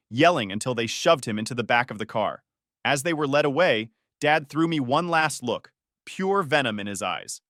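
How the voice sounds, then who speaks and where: With wide pitch swings and tense, dramatic pacing, a man builds the scenes of a first-person story. His slightly bright voice is captured dry and close, without any room sound.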